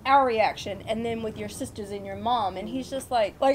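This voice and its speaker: A woman's voice: on the high side, moderate pace, few pauses, a little hiss or hum. A woman from the United States chatting casually as a guest, easygoing, with lots of "like" fillers and frequent laughs. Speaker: guest, friend. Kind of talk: casual chat.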